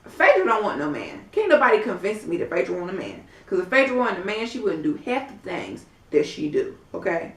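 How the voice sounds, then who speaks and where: A woman's voice: mid-range voice, big pitch swings, a little fast, hardly any pauses, fairly bright tone. Sassy woman recapping in an echoey room. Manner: sassy, blunt, profane, tells the story acting out quotes. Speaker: reality show recap vlogger. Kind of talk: casual recap vlog. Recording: echoey room, far from mic.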